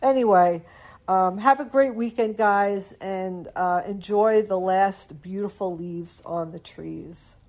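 A woman's voice: medium pitch, slow pace, darkish tone. A woman hosting a radio show in casual chat, rambling and stopping to correct herself with small chuckles.

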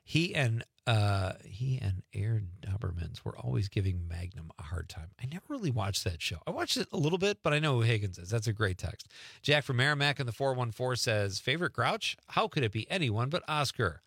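A man's voice: medium pitch, big pitch swings, fairly quick, creaky, fairly bright tone, slightly rough, no echo, clean studio sound. A middle-aged man, hosting a radio talk show and chatting casually as he reads listener texts aloud. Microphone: studio microphone.

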